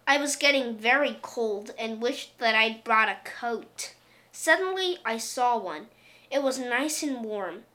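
A woman reading a children's picture book aloud in a gentle, expressive way. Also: fairly high pitch. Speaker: storyteller.

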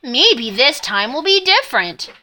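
A woman's voice: high voice, sing-song, measured pace, sharp tone, voice pushed up, full character voice. A woman doing a cheery cricket friend. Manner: cheery, encouraging. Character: kind, supportive young cricket friend.

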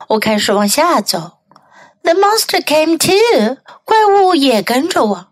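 A woman's voice: a little high, big pitch swings, slow pace. A woman teacher reading a picture book aloud, following each line with a translation. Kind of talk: bilingual storybook reading.

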